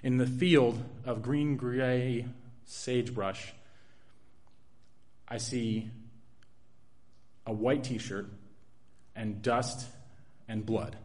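A man's voice: mid-range voice, fairly even intonation. Man telling a personal story. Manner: earnest, halting retelling with restarts and soft laughs.

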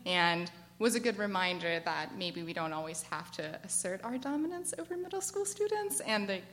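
Bright-voiced chatty young woman storyteller. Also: mid-range voice, normal speed. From United States. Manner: chatty and animated, frequent "like" fillers, laughs as she tells it. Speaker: storyteller at a work event. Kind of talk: personal storytelling to a live audience.

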